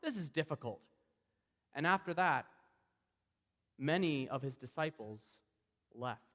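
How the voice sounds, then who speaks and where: Animated man preaching in a reverberant hall. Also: on the high side, unhurried. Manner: conversational, animated retelling with quoted voices. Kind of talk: sermon.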